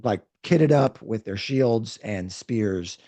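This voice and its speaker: Gravelly game master narrating. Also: male voice, fairly low pitch, slow pace, dark tone, no echo. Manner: rambling, hesitant, many restarts.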